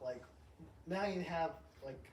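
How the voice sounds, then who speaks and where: A man's voice: on the high side, slow, a little mellow, reverberant, distant mic, poor audio. A young man, a son co-hosting a podcast with his father, chatting casually and answering mostly with short agreeing replies. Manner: laid-back, brief agreeing replies. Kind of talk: casual chat.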